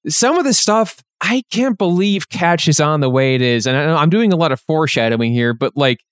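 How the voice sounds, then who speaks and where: A man's voice: a little high, expressive, fairly quick, clean tone, dry recording, studio quality. A man co-hosting a podcast, talking in a sardonic, rambling way with lots of fillers. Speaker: podcast co-host. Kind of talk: casual podcast chat.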